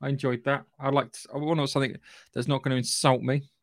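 A man's voice: mid-range voice, flat delivery, fairly quick, no room sound, clean studio sound. A man co-hosting a podcast in casual, rambling chat. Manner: chatty, rambling, restarts often. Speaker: podcast co-host.

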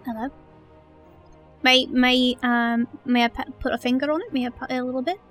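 A woman's voice: high voice, fairly even intonation, normal speed, a bit bright, faint music behind. A woman voicing a young, eager female adventurer with folksy, bold speech. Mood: curious.

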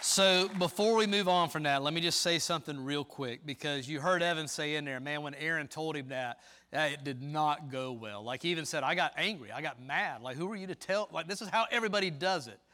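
Man, middle-aged, pastor, sermon, animated, high voice. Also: fairly quick, some chatter behind. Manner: animated, folksy preaching.

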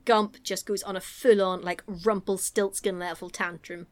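A woman's voice: medium pitch, steady tone, moderate pace. A woman, chatting casually on a podcast as she recaps a film, giggling and acting out lines. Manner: chatty, giggly, acts out lines in silly voices. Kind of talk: casual chat.

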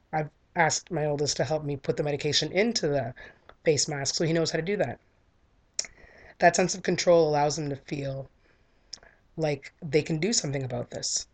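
A woman's voice: sits low, a little mellow. A woman in her thirties giving a candid, earnest talk that tells a personal story in a conversational way. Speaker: speaker sharing a personal story.

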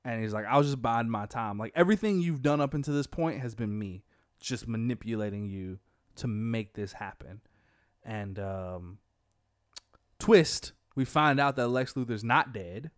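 Casual male storyteller, mid pitch, animated delivery, dry recording. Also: moderate pace, no echo. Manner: animated storyteller, quotes characters in his own voice. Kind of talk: casual retelling of a comic book plot.

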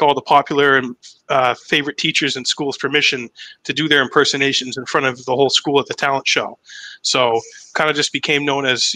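A man's voice: mid-range voice, sharp tone, poor audio. A man in his thirties from Massachusetts with no regional accent, telling chatty, profane stories in a casual podcast conversation. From Massachusetts, USA. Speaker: impressionist guest.

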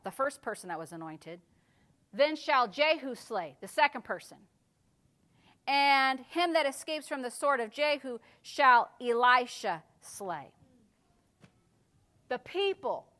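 A woman pastor preaching a sermon, dropping to a hush and then building to loud, fervent exhortation. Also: fairly high pitch, lively intonation, unhurried.

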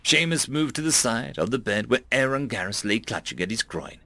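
A man narrating a gritty thriller audiobook, his gravelly voice ranging widely in pitch. The tone is bright and forward and the sound dry and close, with faint music underneath. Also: fairly quick, no room sound. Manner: dramatic, expressive reading.

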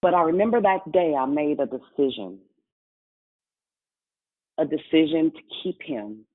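A woman's voice: low-pitched, animated, unhurried. Woman preacher, testimony sermon, chatty and direct, tinny lo-fi audio. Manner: conversational, addresses congregation directly. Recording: tinny phone-like sound.

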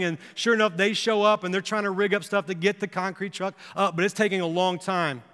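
A pastor preaching a sermon, telling a personal story with earnest, building intensity that rises to impassioned pleas. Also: male voice, sits high, fairly even intonation, fast talker, few pauses, bright, forceful tone, clean tone. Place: church sanctuary. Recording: long reverb of a church hall.

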